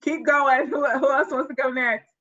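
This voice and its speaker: A woman's voice: high voice, fairly even intonation, a bit bright, lo-fi sound. A woman facilitating an online workshop, encouraging the participants and affirming what they share. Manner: encouraging, quick to laugh and affirm. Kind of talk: leading a group discussion.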